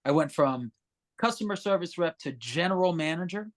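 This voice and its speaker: A man guest on a podcast, telling stories in a casual, animated way, swearing freely and acting out other people's voices. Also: fairly high pitch, moderate pace. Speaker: musician guest.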